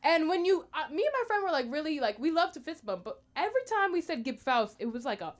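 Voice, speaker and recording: A woman's voice: high voice, very animated, quick pace. A young American woman doing rambling stand-up at an open mic, chatty and full of fillers. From United States. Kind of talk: stand-up comedy.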